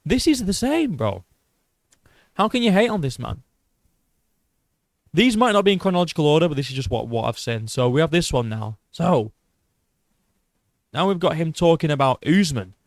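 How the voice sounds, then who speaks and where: A man hosting a casual commentary, excitable and profane, rambling with restarts. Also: a little high, moderate pace, pauses often, no room sound, studio quality. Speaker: host.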